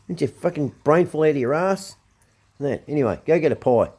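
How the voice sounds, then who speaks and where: An Australian man hosts his own show with a fairly high, lively, warm voice, speaking briskly. He rants angrily, blunt and full of swearing, repeating himself as he delivers his commentary.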